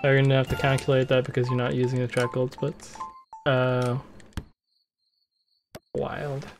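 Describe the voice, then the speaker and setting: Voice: mid-range voice, completely flat delivery, very fast, over music. A speedrun streamer giving playful, joking commentary while racing a friend.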